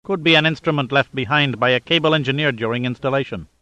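A man reading a brisk male robot monitor, curt and businesslike. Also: medium pitch, pushed and bright, no echo, close to an everyday voice.

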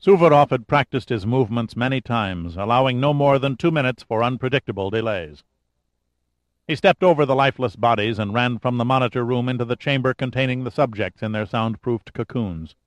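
A man's voice: mid-range voice, fairly quick, no echo. Man narrating a thriller audiobook, dry.

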